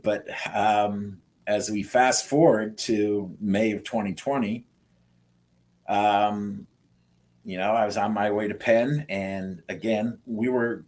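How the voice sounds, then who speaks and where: A middle-aged man telling his story in an interview, animating the quoted dialogue with lively jumps in his voice. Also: lowish voice. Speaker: guest sharing transplant story.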